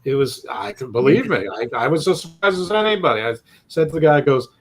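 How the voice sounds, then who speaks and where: A man's voice: on the high side, big pitch swings, a little fast, husky. A man co-hosting a sports podcast in casual chat, rambling through his points with self-deprecating jokes. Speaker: podcast co-host.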